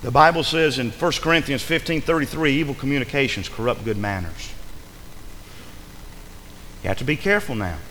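A man preaching a sermon, lively and forceful, acting out the voices of the people he addresses. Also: mid-range voice, fairly quick, long pauses, big-room sound, a little hiss or hum, rough recording. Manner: animated preaching, acts out imagined voices. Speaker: pastor.

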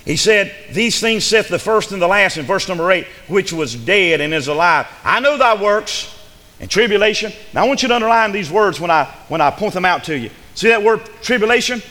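A man preaching a sermon in a church, emphatic and repetitive, swinging between loud declarations and hushed asides. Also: high-pitched, expressive, fairly quick, few pauses, long reverb tail.

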